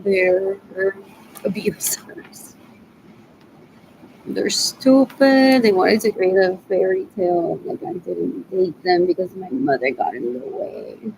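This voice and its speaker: Gravelly, agitated woman rambling to camera. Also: medium pitch, big pitch swings, normal speed, noisy background. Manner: agitated, repetitive, slips between English and Spanish. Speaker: vlogger asking for money. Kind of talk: rambling solo monologue.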